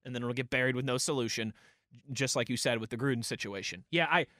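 A man's voice: medium pitch, quick pace, pushed and bright, no room sound, studio quality. A man hosting sports talk radio, chatting casually and reading listener tweets. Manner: conversational, reads listener tweets aloud.

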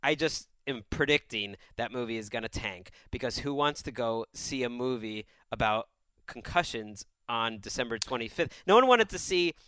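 A man's voice: medium pitch, steady tone, moderate pace, bright, forceful tone, clean tone, dry recording. A man co-hosting a podcast in casual comedic chat, laid-back as he reads listener questions. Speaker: podcast co-host.

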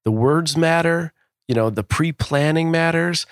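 A man's voice: on the high side, measured pace, smooth, dry recording, studio quality. A man co-hosting a podcast, chatting in a loose, enthusiastic way and swearing now and then. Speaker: podcast co-host. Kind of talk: casual podcast chat.

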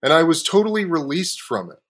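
A man hosting a podcast, telling a story in a casual, profane way with frequent laughs, sometimes dropping low and quiet. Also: big pitch swings, fairly quick. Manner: swears freely, laughs often. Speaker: podcast host.

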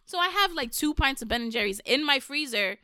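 A woman's voice: sits high, lively intonation, brisk, sharp tone, no room sound, studio quality. A woman, a podcast guest chatting casually, frank and profane, telling stories with animation. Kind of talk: casual chat.

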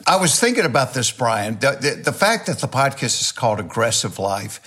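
An older comedian from Georgia, US, with a Southern accent, tells folksy, animated, self-mocking stories as a guest in an interview. He speaks at a moderate pace in a medium-pitched voice.

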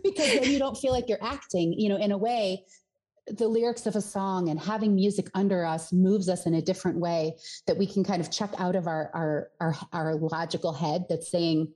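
A woman's voice: lowish voice, steady tone, normal speed, darkish tone. A woman from Colorado who coaches voice and singing, explaining in a podcast interview and sometimes demonstrating with her own voice.

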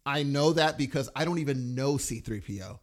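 A man chatting casually about a film he just saw, rambling and enthusiastic. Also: brisk. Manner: animated, rambling and enthusiastic, with big pitch jumps. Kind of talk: casual movie chat.

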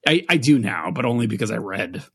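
A man's voice: on the low side, animated, fairly quick, husky. A man co-hosting a casual review podcast, chatty and wry, laughing often as he talks. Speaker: podcast co-host.

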